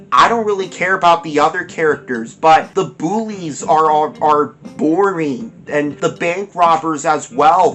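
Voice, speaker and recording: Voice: medium pitch, a bit bright. A movie reviewer ranting in an exasperated way, firing off rhetorical questions and using lots of fillers.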